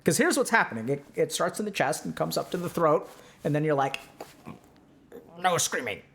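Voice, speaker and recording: Brief: a man lecturing on a livestream, conversational and animated, with a fairly high voice. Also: fast, gravelly. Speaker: streamer giving a talk.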